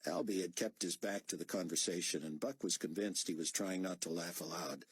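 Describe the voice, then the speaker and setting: A man narrating an audiobook thriller in a low, even storytelling manner. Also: brisk, few pauses, slightly rough, dry recording, clean studio sound.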